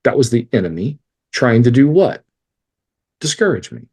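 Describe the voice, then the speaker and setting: A man's voice: medium pitch, moderate pace, breathy edge. A man in his forties tells a personal story as a podcast guest. He talks candidly, swears freely and pokes fun at himself. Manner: swears freely, animated and self-mocking. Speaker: podcast guest, life coach.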